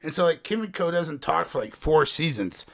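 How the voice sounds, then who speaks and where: A man co-hosting a casual podcast chat about a TV show, animated and jokey, often trailing off low. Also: normal speed, gravelly. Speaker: podcast co-host.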